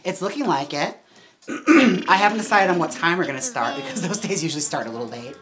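A woman's voice: low-pitched, expressive, quick pace, crowd noise. A woman hosting a casual livestream while styling a wig. She is chatty and giggly and says "like" a lot. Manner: chatty, giggly, heavy use of "like".

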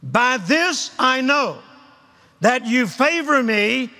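Slow, bright-voiced older man preaching. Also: very high-pitched, big pitch swings. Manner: emphatic, repetitive, leads crowd call-and-response. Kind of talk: sermon. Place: large convention hall. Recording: long hall reverb.

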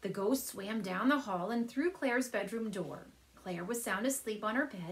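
A woman reads a storybook aloud to children with a lively, swooping voice. She sits comfy on her couch at home and talks gently to the kids between pages. Her voice sits a touch high. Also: moderate pace, hardly any pauses. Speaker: teacher reading aloud.

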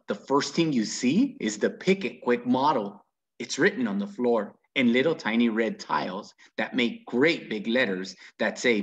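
A man reading a children's book aloud with very lively, animated storytelling. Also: mid-range voice, slightly rough, dull audio. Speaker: reader.

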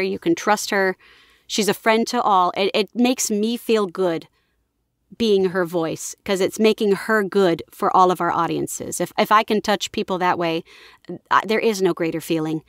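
A woman's voice: mid-range voice, normal speed, no echo, clean studio sound. A young adult woman, a voice actress, chatting enthusiastically in an interview. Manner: enthusiastic, animated, often slips into voices. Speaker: voice actress guest. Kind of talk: casual interview chat.

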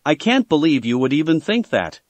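A man voicing an excitable, clingy teenage ninja girl with sharp, eager outbursts. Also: low voice, a little fast, dry recording. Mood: eager, indignant.

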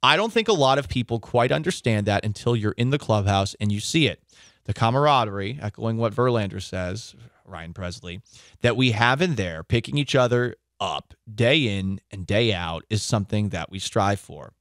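A man's voice: lowish voice, expressive, moderate pace, fairly bright tone, dry recording, studio quality. A male sports radio host giving conversational, opinionated commentary, often correcting himself mid-sentence. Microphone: studio microphone.

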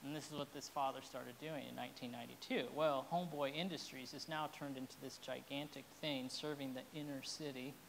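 A woman's voice: a bass voice, fairly even intonation, brisk, creaky, hardly any pauses, a little hiss or hum. A woman pastor preaching a sermon in an earnest, heartfelt way, at times openly emotional.

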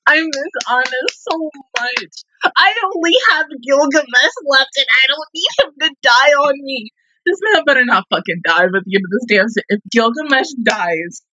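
A woman's voice: a little high, expressive, moderate pace, pushed and bright, dry recording, muffled recording. A young woman reacting to an anime episode, swearing, exclaiming and laughing often. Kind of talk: casual reaction commentary.

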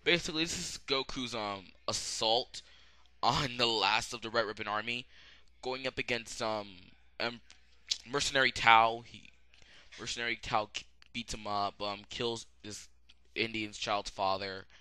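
A young man giving a rambling, casual spoken anime review, full of fillers and sudden excited outbursts. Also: mid-range voice, measured pace, smooth, dry recording. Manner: rambling, many "um"s, bursts of loud excitement.

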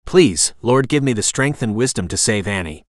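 A man's voice: on the low side, expressive, moderate pace, no echo, clean studio sound, lightly acted. A man voicing a stern, protective sheriff's deputy who speaks in a grim tone.

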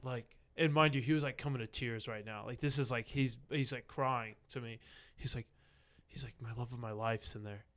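A man's voice: medium pitch, steady tone, moderate pace, fairly bright tone. A young man chatting casually on a podcast, rambling through a story, full of "like" fillers and acting out what people said. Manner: rambling, many "like" fillers, acts out quoted lines. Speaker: podcast guest, bouncer.

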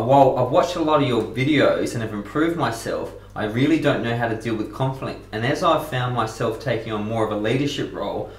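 A man giving self-improvement coaching in a talking-head video, speaking with energy and emphasis. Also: medium pitch. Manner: energetic, emphatic, acts out customer quotes. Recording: echoey room.

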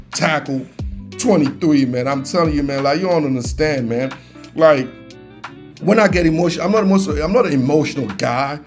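Male film-room host, fairly high voice, hyped and profane, casual street slang, light guitar music behind. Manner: excitable, slangy, profane, keeps saying man and dog. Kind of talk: excited casual film breakdown commentary.

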